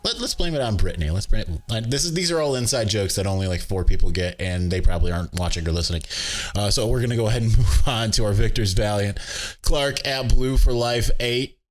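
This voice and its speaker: Low-voiced man hosting a casual podcast. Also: fast talker. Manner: chatty, offhand, laughs at himself. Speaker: podcast host answering listener questions. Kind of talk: casual sports podcast chat. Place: at home with his dog on his lap.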